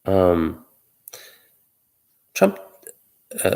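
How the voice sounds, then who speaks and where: A man's voice: low-pitched, moderate pace. A man giving solo political commentary, arguing his point while thinking aloud, with many fillers and restarts.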